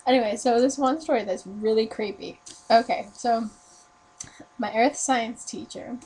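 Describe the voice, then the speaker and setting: A woman's voice: fairly high pitch, a little mellow, a little hiss or hum, poor audio. Chatty teen girl telling a ghost story. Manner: rambling, filler-heavy ghost story with quick self-corrections. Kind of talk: casual video reply storytelling. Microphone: webcam mic.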